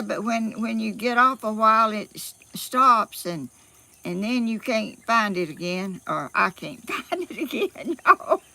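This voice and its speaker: A woman vlogger from Georgia in the US South live streams from her phone outdoors, a little out of breath. Her mid-range voice has vocal fry and a sharp tone, and she rambles in a folksy Southern way with frequent laughs and fillers.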